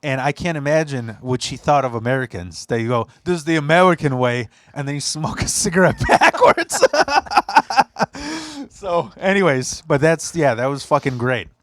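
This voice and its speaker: A man hosts a loose podcast chat, spinning a long story with bursts of laughter and plenty of swearing. His voice sits at an ordinary middle pitch, and the sound is dry and close, with no room around it. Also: very animated, moderate pace, fairly bright tone, dry recording. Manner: laughing storyteller, profane and teasing. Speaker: podcast host. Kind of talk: casual chat. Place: basement.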